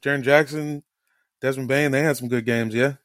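A man co-hosting a casual podcast chat, animated and excitable, swearing casually. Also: medium pitch, normal speed, dry recording, studio quality. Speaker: podcast co-host.

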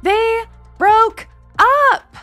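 A woman putting on a brash young party girl, high and lively, loud and dismissive, snapping at friends in a read-aloud story; faint music sits underneath. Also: moderate pace. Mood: blunt.

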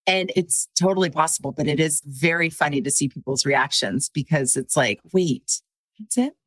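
A woman guest on a panel podcast who talks in a relaxed, conversational way and laughs easily. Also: sits low, fairly quick, dry recording. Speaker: panel guest, coaching client. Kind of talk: casual panel podcast chat.

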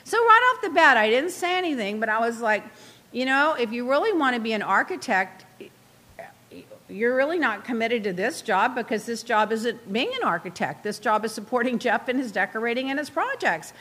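A woman in a casual chat, telling a story in an animated, indignant way with quick asides. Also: fairly high pitch. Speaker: guest recounting reality show events.

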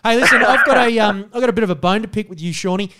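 A young Australian man hosting a podcast, joking loudly and swearing through casual banter. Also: high voice, racing. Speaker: podcast host. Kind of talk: crude casual chat.

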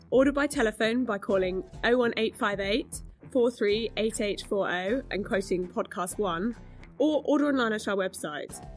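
A woman's voice: mid-range voice, poor audio. A woman reading a scripted advert with punchy slogans. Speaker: ad announcer.

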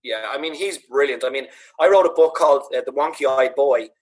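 Husky Dublin man telling stories. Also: medium pitch, fast talker, low-quality recording. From Ireland. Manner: animated, laughing, swearing. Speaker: podcast guest, author. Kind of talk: casual storytelling.

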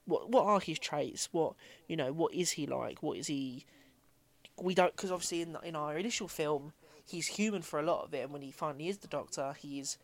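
A man's voice: a little high, a little fast. A man co-hosting a podcast in casual chat, thinking aloud and rambling. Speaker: podcast co-host.

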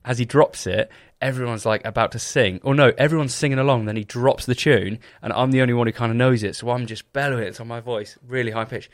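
A man's voice: mid-range voice, fairly even intonation, quick pace, few pauses, no room sound, clean studio sound. A young British man co-hosting a podcast, telling funny stories in casual chat and swearing freely. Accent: British English. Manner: swears freely, laughs at his own stories. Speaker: podcast co-host.

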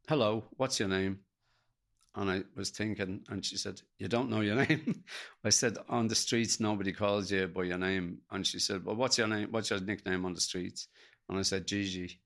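A middle-aged Irish man, a podcast guest, telling an emotional personal story in a halting way, acting out what others said to him. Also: sits low, steady tone, a bit bright. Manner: gravelly, halting, retells dialogue in quotes.

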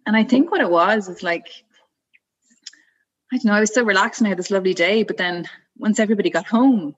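A woman in her thirties telling a personal story in a relaxed, chatty way, often saying "like" and "you know" and laughing between phrases. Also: medium pitch, fast, highs cut off. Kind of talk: casual storytelling interview.

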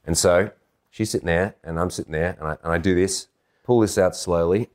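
A man with a very low voice tells a personal story as a dating coach. He is animated and self-deprecating, slipping into bits of acted-out dialogue. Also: fairly quick. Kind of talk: anecdotal storytelling.

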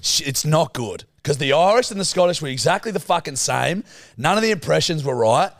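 A man's voice: a little high, lively intonation, brisk, vocal fry, no echo, clean studio sound. A man, co-hosting a podcast in casual, blunt and sweary banter. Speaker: podcast co-host. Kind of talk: casual chat.

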